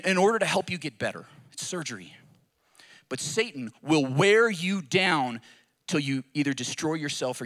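Male pastor, middle-aged, bright forceful tone, fairly high voice, fervent repetitive preaching. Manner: impassioned, repetitive preaching cadence with rhetorical questions. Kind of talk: sermon.

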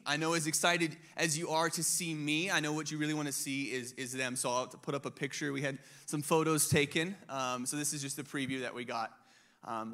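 A man's voice: on the high side, pushed and bright. A man in his thirties preaching a sermon in a conversational, storytelling way, with frequent ums. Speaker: pastor. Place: church sanctuary.

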